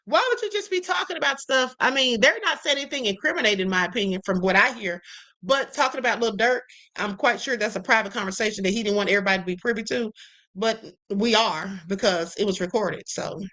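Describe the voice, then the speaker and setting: A woman's voice: fairly high pitch, fast, bright, forceful tone. A woman hosting a livestream show, giving sassy, emphatic commentary and calling viewers honey.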